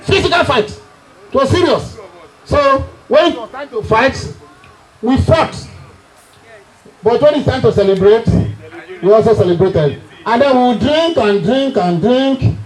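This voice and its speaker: A man's voice: extremely high pitch, lively intonation, a little slow, long pauses, poor audio. A middle-aged man with a Nigerian accent, telling funny family stories at a reunion and teasing his listeners. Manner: chuckling storyteller, teasing the audience. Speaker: family member speaking at a reunion. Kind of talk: humorous anecdotal speech.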